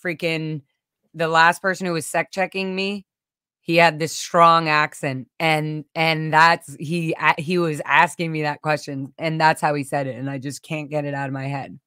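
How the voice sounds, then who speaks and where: A woman host in easy, casual conversation, with a bright, forceful voice pitched a little low for a woman. She talks animatedly in rushed bursts, restarting her sentences and swearing freely. The recording is dry, with almost no room sound. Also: little pitch movement, smooth, no echo. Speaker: podcast host.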